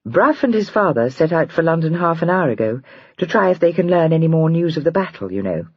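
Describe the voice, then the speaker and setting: A woman voicing a brisk, practical young wife with a prosaic, chattering manner. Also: deep voice, big pitch swings, slightly rough, dry recording, full character voice. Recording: dry, slightly dull recording.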